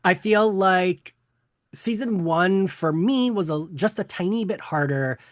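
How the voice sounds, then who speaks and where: A man's voice: high-pitched, unhurried, no room sound, studio quality. A man who is a teacher, speaking as a podcast guest in casual chat, hesitant and full of "um" and "like". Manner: hesitant, many "um" and "like".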